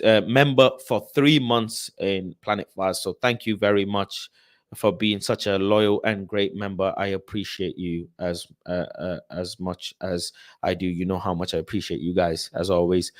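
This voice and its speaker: A man hosting a casual football live stream in a fairly low voice. He talks loosely with slang, fillers and lots of repeated phrases. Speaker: football channel host.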